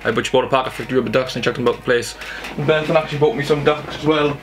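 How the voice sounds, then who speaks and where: Young guy, eager and rambling, mid-pitched voice, music bed underneath. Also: fairly even intonation, very fast. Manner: chatty, enthusiastic, rambling. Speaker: YouTuber showing Christmas gifts. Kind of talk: casual haul video. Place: at home in his room. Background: music playing.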